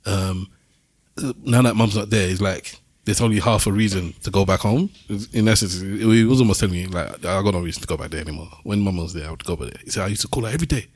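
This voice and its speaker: A man tells a story on his podcast in casual chat. His voice sits fairly low, and he animatedly mimics the people he quotes. The sound is close and dry. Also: fast talker, dry recording. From Britain. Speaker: podcast host.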